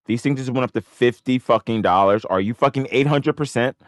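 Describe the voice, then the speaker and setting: A man's voice: medium pitch, fairly quick, no room sound, studio quality. A man narrating his own trading live, swearing and repeating himself in disbelief at the numbers. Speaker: options trader.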